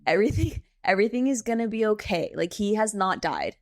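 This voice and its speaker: A woman in her thirties tells a wild story from her tattoo shop in a lively, slangy podcast chat, with frequent "like" and "okay?". Her voice sits at a mid pitch, and the recording is dry and close. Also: brisk, no room sound. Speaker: tattoo artist guest.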